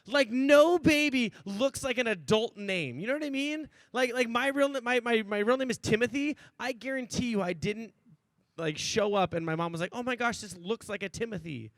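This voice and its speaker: A man's voice: very high-pitched, animated, normal speed, no echo. A man in his thirties preaching a casual, joking sermon, chatty with lots of asides and "right?" checks. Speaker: pastor.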